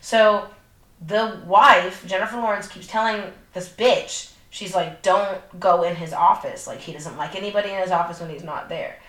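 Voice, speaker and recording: In an echoey room, a young woman co-hosting a podcast walks through a movie's story in loose, swear-filled conversation. She speaks at a moderate pace in a mid-range voice, lively and heavy on fillers.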